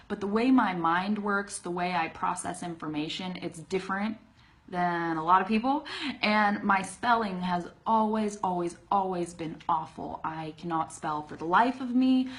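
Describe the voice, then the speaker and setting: A woman's voice: fairly low pitch, fairly bright tone. Chatty woman teaching pronunciation. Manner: talks to viewers directly, demonstrates sounds slowly, laughs easily. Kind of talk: live-streamed lesson, casual and chatty. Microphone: phone or webcam for a live video stream.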